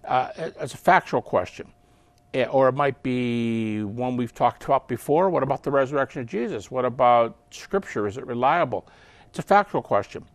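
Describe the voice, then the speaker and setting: Animated man explaining in a dry, close recording. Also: mid-range voice, normal speed, no echo. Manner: animated, acts out quoted voices. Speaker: interview guest. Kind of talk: explanatory interview talk.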